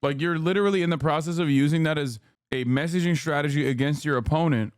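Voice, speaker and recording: A man's voice: a little high, fast, clean tone, no room sound, studio quality. A man in his thirties streaming casual commentary on a news clip, sarcastic and mocking. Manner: sarcastic, mocking, acts out mock voices.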